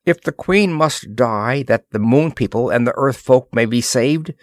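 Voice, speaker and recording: Guy doing a brave earnest young princess in a storybook reading, urgent and pleading, lively ups and downs, slow. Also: medium pitch, no echo, clean studio sound, natural voice.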